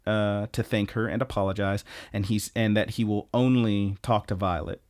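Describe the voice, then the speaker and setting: A man co-hosting a podcast, recapping anime episodes in a lively, casual way with lots of ums and restarts. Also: lowish voice, moderate pace, no room sound, clean studio sound. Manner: animated retelling, many ums and restarts. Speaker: podcast co-host.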